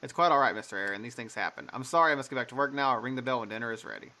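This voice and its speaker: A man's voice: mid-range voice, racing, sharp tone. A man voicing a prim, polite young maid with formal speech in a game.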